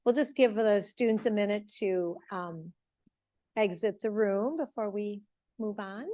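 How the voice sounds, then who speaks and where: A woman's voice: mid-range voice, measured pace, dark tone. A woman chairing a school board meeting, introducing the next speaker in a light, joking way.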